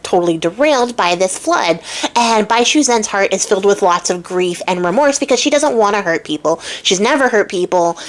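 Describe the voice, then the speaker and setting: A woman hosting a crafting channel, retelling a legend in a chatty, slangy way with lots of fillers. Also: mid-range voice. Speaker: channel host, storyteller. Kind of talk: casual storytelling while crafting.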